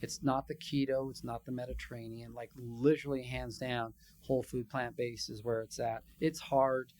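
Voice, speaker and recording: A man, a psychologist, giving a conference training session in a conversational, animated way, acting out quotes from his patients. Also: mid-range voice, moderate pace, a little hiss or hum. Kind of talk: conference lecture.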